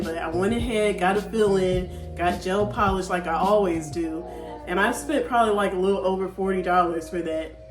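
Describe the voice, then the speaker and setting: A woman hosting her channel, chatting casually and telling a relaxed story of her own. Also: mid-range voice, roomy sound. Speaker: channel host. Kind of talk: casual reaction-video chat.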